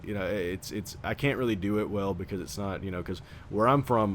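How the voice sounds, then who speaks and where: A man's voice: lowish voice, a little hiss or hum. A man streaming a game and chatting casually with friends, rambling and swearing as he talks. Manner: rambling, profane, drawn-out talk. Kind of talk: casual chat while gaming.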